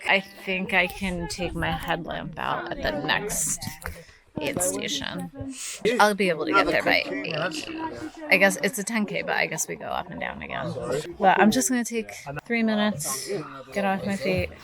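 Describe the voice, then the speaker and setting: A woman's voice: lowish voice, big pitch swings, normal speed, vocal fry, loud music behind the voice, poor audio. A woman vlogging on a handheld camera while hiking and running a long mountain race outdoors. She rambles, sounds tired and swears bluntly. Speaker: vlogger recapping her ultramarathon. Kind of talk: breathless running vlog commentary. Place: outdoors on a foggy mountain trail. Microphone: handheld pocket camera.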